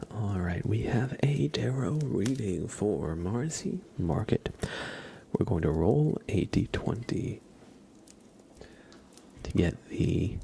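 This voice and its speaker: A man hosting a whispered ASMR livestream chat, talking in a soft, rambling whisper. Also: deep voice, vocal fry, slight background noise.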